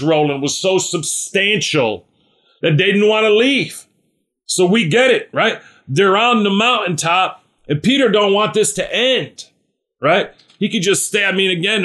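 A man's voice: sits high, fairly bright tone. A man leading a small-group Bible study, earnest and conversational, often checking in with his listeners.

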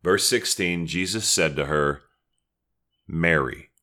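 Male pastor, deep bright voice, casual sermon delivery with prayer asides. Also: unhurried. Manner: conversational teaching with prayerful asides.

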